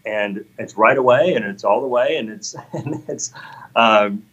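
A man's voice: on the low side, a little slow, fairly bright tone, slightly rough, highs cut off. A man in his thirties telling an earnest, heartfelt personal faith testimony in conversation. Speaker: guest sharing a testimony.

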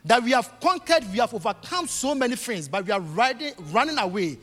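A male preacher delivers a sermon in a reverberant church hall, his voice pitched high and swinging widely. He drives his points home by repeating them, with soft music running faintly underneath. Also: sing-song, fairly quick. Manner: emphatic, repetitive preaching with rising bursts.

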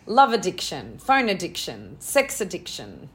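A middle-aged woman talking as an interview guest about spiritual practice, earnest and soft-spoken, slowing down to stress her points. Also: fairly low pitch, huge pitch swings. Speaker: interview guest, tantra teacher. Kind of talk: casual spiritual conversation. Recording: faint background noise.

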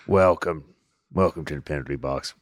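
A man's voice: very deep voice, moderate pace, dry recording, studio quality. A man in an improvised comedy scene, laid-back and rambling, chuckling at his own stories. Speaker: improv performer.

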